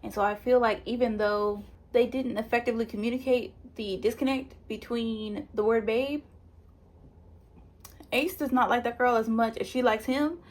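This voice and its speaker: A woman giving a chatty, animated recap of a reality show, acting out the people she quotes. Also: a little high, moderate pace. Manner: chatty, animated retelling with quoted voices and laughs. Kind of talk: casual spoiler review.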